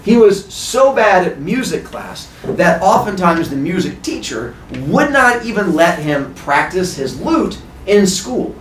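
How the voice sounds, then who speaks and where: A male teacher tells a myth to his class in a playful, jokey way. His voice sits a bit high and leaps around lively. The classroom gives it a roomy echo, with faint noise behind. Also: unhurried, few pauses. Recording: echoey classroom.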